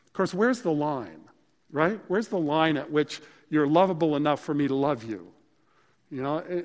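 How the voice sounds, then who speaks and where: A male pastor preaching a sermon in a conversational, emphatic way that mixes scripture with stories. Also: a little high. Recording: long hall reverb.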